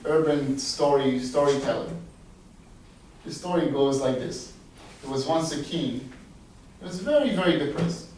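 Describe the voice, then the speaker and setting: A man, a rabbi, telling a parable as a sermon in a lively, conversational way with casual asides, heard from a distant mic in a very echoey hall. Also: mid-range voice, slight background noise. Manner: animated, conversational storytelling with asides. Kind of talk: storytelling sermon.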